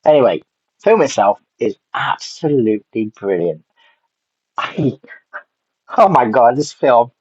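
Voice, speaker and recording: A man's voice: medium pitch, sing-song, measured pace, pauses often, darkish tone, breathy edge, no room sound. Rambling man, dull lo-fi sound. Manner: rambling, blunt, swears casually, trails off. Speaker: film reviewer. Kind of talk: casual rambling film review.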